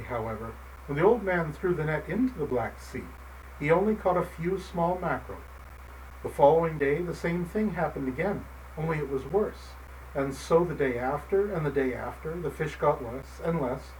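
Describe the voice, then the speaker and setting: A man narrating a folk tale in a gentle, measured storybook manner. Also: a little high. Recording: distant mic, faint background noise.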